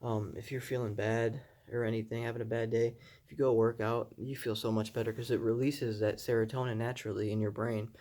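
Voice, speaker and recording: A young man telling his own story in a casual, rambling way, full of fillers and "I was like" asides, with an earnest tone and a soft laugh at himself now and then. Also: medium pitch, little pitch movement, brisk, hardly any pauses. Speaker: vlogger sharing his recovery story.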